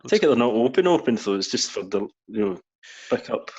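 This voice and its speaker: A man co-hosting a podcast, relaxed and hesitant, with plenty of ums. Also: mid-range voice, fast, husky, highs cut off. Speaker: podcast co-host. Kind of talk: casual chat.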